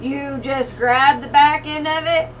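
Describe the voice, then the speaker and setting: A woman's voice: sits high, steady tone, unhurried. A woman co-hosting a casual livestream, easygoing, chatting and reading out viewer comments. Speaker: livestream co-host. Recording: distant mic with faint hum.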